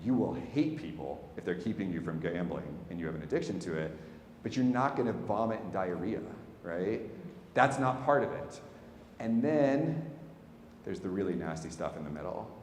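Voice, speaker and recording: A man giving a public talk, telling a candid personal story with wry asides and animated bursts. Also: low voice, slight background noise. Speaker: speaker. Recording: echoey hall, faint ambience.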